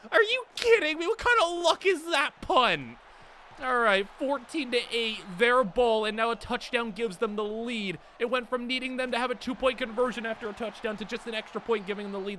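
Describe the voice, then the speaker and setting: A hoarse young man giving excited commentary over a football video game, yelling at big plays and muttering between them. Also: high-pitched, a little hiss or hum. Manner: yells and groans over plays, swings from hoarse mutter to shouting. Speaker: gaming YouTuber.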